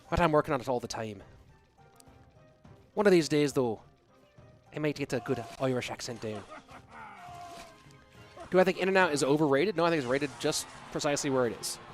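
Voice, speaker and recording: Male caster, slightly high voice, excitable play-by-play mixed with loose chat, faint music underneath. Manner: excitable on big plays, rambling and relaxed when reading chat. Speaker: esports caster. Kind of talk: play-by-play commentary with chat banter.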